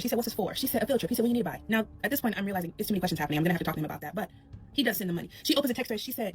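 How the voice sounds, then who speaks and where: Fast-talking animated storytelling woman. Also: mid-range voice. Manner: animated, quick comic storytelling. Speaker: mother telling a story. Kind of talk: storytelling clip.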